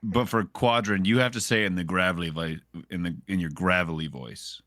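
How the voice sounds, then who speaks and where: Low-voiced man teasing at a gaming table. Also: brisk, fairly bright tone, dry recording, studio quality. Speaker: player. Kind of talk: casual chat at a gaming table.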